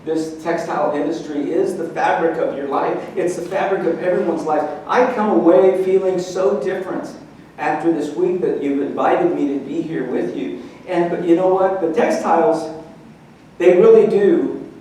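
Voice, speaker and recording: A man giving a motivational keynote speech at a conference, animated and telling stories, acting out the voices he quotes. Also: on the high side, normal speed, slight background noise. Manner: animated storyteller, acts out quotes. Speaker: keynote speaker. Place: large conference hall. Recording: echoey hall, mic from far off.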